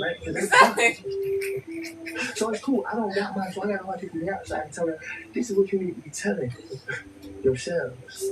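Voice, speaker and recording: A man hosting a livestream, giving a rambling, preachy monologue that swears freely and talks straight to his viewers. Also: a little high. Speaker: livestream show host. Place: home craft room. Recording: distant mic with room noise and TV.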